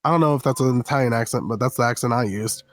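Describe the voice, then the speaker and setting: A man's voice: mid-range voice, racing, dry recording. A man from the US East Coast co-hosting a podcast, chatting casually, joking and laughing often as he rambles. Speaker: podcast co-host. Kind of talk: casual chat.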